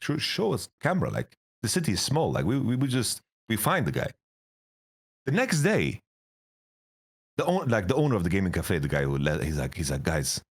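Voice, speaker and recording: A young esports coach with a low, slightly rough voice tells stories in a casual interview. He swears, laughs often and acts out the voices of the people he quotes.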